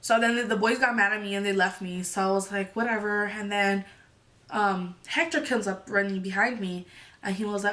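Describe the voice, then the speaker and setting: A woman's voice: medium pitch, steady tone, fairly quick, fairly bright tone. Chatty young woman telling a story. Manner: chatty, full of fillers like "like" and "you know"; acts out quoted lines in the story. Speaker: storytime vlogger. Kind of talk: casual storytelling.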